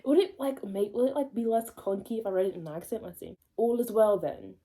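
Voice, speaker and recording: Woman, casual read-aloud, chatty self-mocking asides, mellow tone. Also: mid-range voice, expressive, quick pace. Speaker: host reading fan fiction aloud.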